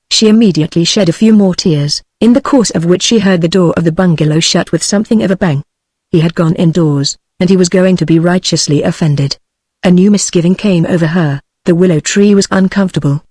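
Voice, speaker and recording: A synthetic text-to-speech voice narrating an audiobook in an even, mechanical reading. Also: mid-range voice, brisk, no echo.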